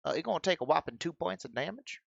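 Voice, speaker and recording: A man's voice: a little high, animated, quick pace, vocal fry, no room sound, dull audio. A man casually running a tabletop game as game master, explaining rules with joking asides.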